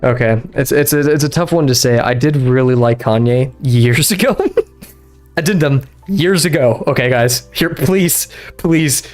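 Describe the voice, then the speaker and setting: Soft background music plays as a young man in his bedroom draws on stream and talks in an unhurried, mid-range voice. He's easily distracted and rambling, restarting sentences, using lots of fillers and laughing often.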